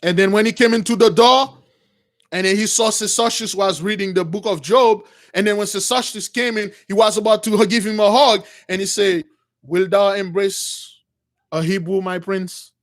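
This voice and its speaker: A man's voice: high voice, moderate pace. A man retelling a religious story as a preacher, rambling with many restarts and calling his listeners brothers.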